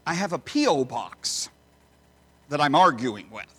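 A man preaching a sermon as a pastor, asking rhetorical questions and swinging from soft asides to loud, emphatic bursts. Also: on the high side, sing-song, a little slow, slightly rough.

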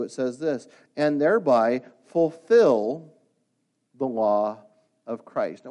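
A man's voice: medium pitch, a little mellow. A man preaching a sermon, asking rhetorical questions and often repeating his words. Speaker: pastor.

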